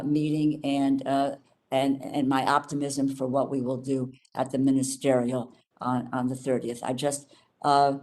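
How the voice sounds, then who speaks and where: Halting older woman chairing a hearing. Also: sits low. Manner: halting, emphatic, many restarts. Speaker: committee chair. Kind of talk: closing remarks at a congressional hearing. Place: hearing room.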